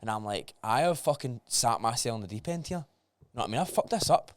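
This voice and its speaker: A young man with a Scottish accent, hosting a podcast and telling stories in an animated, sweary way. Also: mid-range voice, fast talker, dry recording. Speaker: podcast host. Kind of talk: casual chat.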